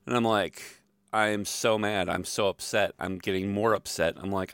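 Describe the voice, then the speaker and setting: A man's voice: on the low side, normal speed, fairly bright tone, smooth, no room sound, studio quality. A middle-aged man from the Louisville area telling a rambling, self-deprecating personal story, full of fillers and asides. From Louisville, Kentucky area. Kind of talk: casual storytelling monologue.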